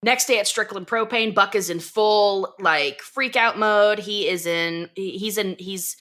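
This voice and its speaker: A woman co-hosting a podcast, recapping a cartoon episode in casual chat, animated and profane, laughing often and acting out quotes. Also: medium pitch, measured pace. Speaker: podcast co-host.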